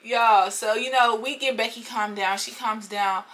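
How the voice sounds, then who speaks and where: A young woman tells a storytime vlog straight to her viewers. Her talk is slangy and animated, with a sharp, bright tone and a somewhat high pitch. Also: a little slow. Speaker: storytime vlogger.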